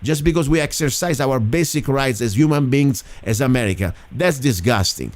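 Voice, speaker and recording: A man's voice: mid-range voice, expressive, moderate pace, a little mellow. A man hosting a small local show, talking in a frustrated, indignant rant. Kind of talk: heated talk-show monologue.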